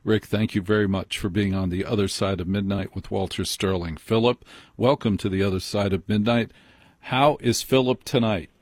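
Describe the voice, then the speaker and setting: Male radio host, lowish husky voice, dry studio sound, emphatic and measured. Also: steady tone, darkish tone, no echo. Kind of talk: late-night call-in radio.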